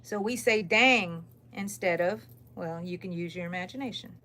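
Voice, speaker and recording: Speaking at a normal speed in a lowish, pushed and bright voice, this Texan woman hosts a crochet live stream, chatting and rambling through viewer comments as she works. She sounds tired and keeps yawning.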